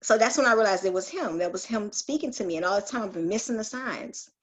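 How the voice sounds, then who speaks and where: A woman sharing a heartfelt personal testimony in a group call, earnest and quick to laugh, often restarting her sentences. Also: mid-range voice, animated.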